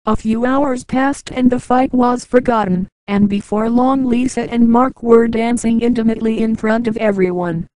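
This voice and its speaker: A woman reading a novel aloud as an audiobook narrator, in a measured, even way, dropping lower for the men's lines. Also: no echo, low-quality recording. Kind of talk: audiobook narration with light character voices.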